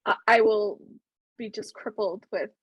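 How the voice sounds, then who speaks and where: A woman's voice: mid-range voice, unhurried, breathy edge, no echo. A woman podcast co-host and author, chatting casually and candidly, often laughing at herself. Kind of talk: casual chat.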